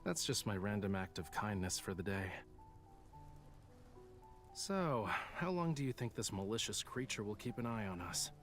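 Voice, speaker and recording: A man's voice: on the low side, big pitch swings, moderate pace, pauses often, soft background music. An actor playing a vain, aloof young male artist in a story game, speaking in a sardonic, haughty way. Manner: sardonic and haughty, melodramatic when upset. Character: vain, aloof young man, an artist who hates cats.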